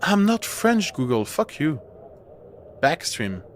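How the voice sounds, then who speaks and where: A man's voice: a little high, sing-song, takes it slowly, slight background noise. A man streaming a horror game, chatting casually in a rambling way and breaking off with laughs. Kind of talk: casual gameplay commentary.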